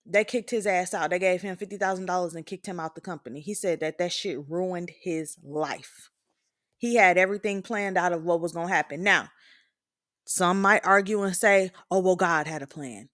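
A woman's voice: fairly low pitch, steady tone, normal speed, a bit bright. A woman in her twenties hosting a show, giving a candid, blunt and profane opinion monologue. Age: 20s. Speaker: podcast host.

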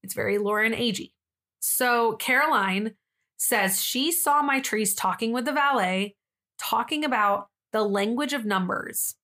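Slightly high, pushed and bright, this young woman's voice moves unhurriedly as she co-hosts a casual true-crime podcast. She spins the tale chattily, acting out people's words and using "like" often.

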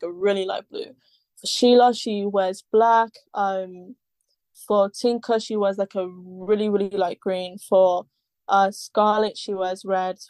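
A woman's voice: medium pitch, darkish tone, no echo. A woman talking as a podcast guest in casual chat, rambling with many fillers and the odd swear word.

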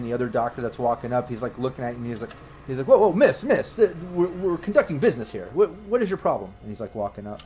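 A man running a tabletop role-playing game, describing scenes and calling for rolls. He talks in a casual, hesitant way with frequent fillers, at an ordinary pitch. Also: mellow, slight background noise, low-quality recording. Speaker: game master.

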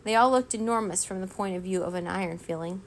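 A woman reading a children's storybook aloud in a steady, expressive way. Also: mid-range voice, fast, a little hiss or hum. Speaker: reader.

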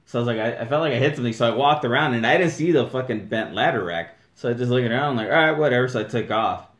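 A young man co-hosting a podcast, telling rambling stories in a mellow, laid-back way and swearing often. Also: medium pitch, quick pace. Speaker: podcast co-host. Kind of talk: casual podcast chat. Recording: echoey room.

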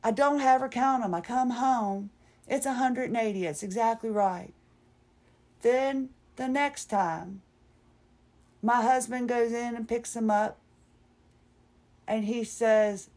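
A woman's voice: on the high side, takes it slowly, long pauses, a little mellow. Candid woman telling a personal story. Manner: candid, rambling, self-deprecating. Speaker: podcast host.

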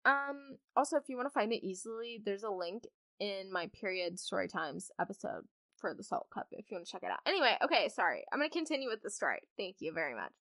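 A woman's voice: mid-range voice, big pitch swings, quick pace, a bit bright, no echo, clean studio sound. A young woman hosting a podcast, chatting in a bubbly, rambling way full of asides. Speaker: podcast host. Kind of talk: casual storytime chat.

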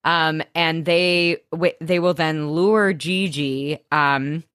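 A woman co-hosting a podcast, reacting in animated casual chat and recapping the plot. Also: deep voice, clear, resonant tone, no room sound, clean studio sound. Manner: animated, reactive, quick to laugh and gasp. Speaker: podcast co-host recapping a TV episode.

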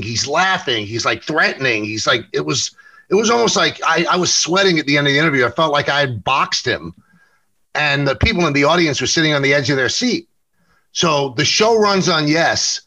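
Brief: middle-aged man, New York accent, slightly high, bright voice, loose anecdotal talk with restarts. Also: poor audio. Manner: storytelling, quick self-corrections, repeats words. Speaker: sportscaster and interview show host, guest here. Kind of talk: casual interview conversation.

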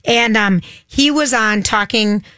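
A woman's voice: a little high, takes it slowly, sharp tone, clear, resonant tone, dry recording, studio quality. A woman hosting a show, chatting in an enthusiastic, gossipy way. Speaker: radio show host. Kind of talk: casual chat.

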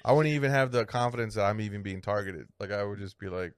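A man's voice: on the low side, quick pace, hardly any pauses, slight background noise. A married man in casual podcast chat, swearing freely and acting out quoted people as he tells hypothetical stories. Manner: profane, acts out quoted people in a lively voice.

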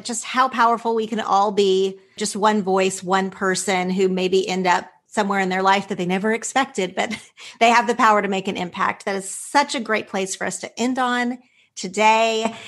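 A woman's voice: on the high side, fairly bright tone. A woman hosting a podcast, wrapping up an interview and reading the outro with enthusiasm. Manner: enthusiastic, effusive. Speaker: podcast host.

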